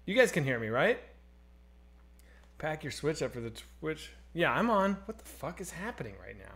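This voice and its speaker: A man in his thirties hosting a casual live stream, joking and swearing as he reads chat, swinging between loud and quiet. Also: a little high, moderate pace. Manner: animated, swearing, jokey, swings loud and soft. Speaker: streamer host.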